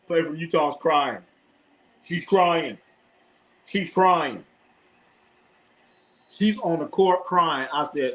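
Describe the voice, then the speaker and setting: A man's voice: medium pitch, slow, pauses often, poor audio. A man from Los Angeles hosting a live sports show, talking in a loose, profane, trash-talking way. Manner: animated, profane trash talk. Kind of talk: casual live sports chat.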